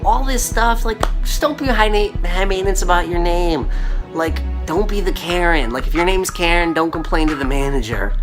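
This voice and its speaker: Young male vlogger, casual mocking rant, heavy on slang, faint music under. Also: on the high side.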